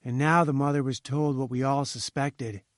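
A man reading a story aloud, measured and slowing at grim moments. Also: medium pitch, fairly even intonation, no echo, studio quality. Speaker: narrator. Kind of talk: scripted narration of a story.

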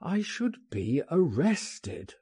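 A man's voice: fairly high pitch, sing-song, very slow, slightly rough, dry recording, studio quality, voice pushed up, full character voice. A man voicing a groaning, despairing man. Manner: pleading, groaning, hushed. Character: fearful, despairing grown man, hesitant and trapped. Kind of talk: audiobook narration.

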